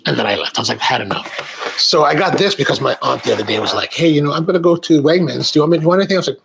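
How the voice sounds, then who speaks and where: A middle-aged American man hosting a coffee video, chatting casually with rambling, animated asides. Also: fairly high pitch, rapid-fire, gravelly, a little hiss or hum, low-quality recording. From United States. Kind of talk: casual chat to camera.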